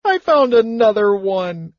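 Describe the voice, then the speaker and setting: A man's voice: big pitch swings, unhurried, no echo, highs cut off. A man voicing a small, childlike kender who sobs and wails frantically. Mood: wailing. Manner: sobbing, shrill and frantic.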